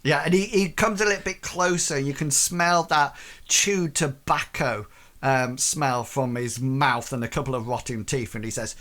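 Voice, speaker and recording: A man's voice: mid-range voice, normal speed, fairly bright tone. A man running a tabletop role-playing game as game master, narrating in a chatty way with many fillers.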